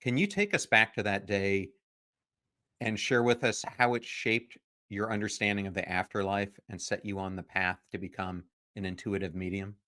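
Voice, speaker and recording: Low-voiced male podcast host. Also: moderate pace, sharp tone. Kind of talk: podcast intro and interviewing.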